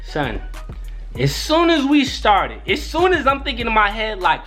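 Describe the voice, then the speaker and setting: A man's voice: sits high, huge pitch swings, measured pace, fairly bright tone, soft background music. A young man casually telling a profane, slangy personal story on his channel. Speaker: YouTuber.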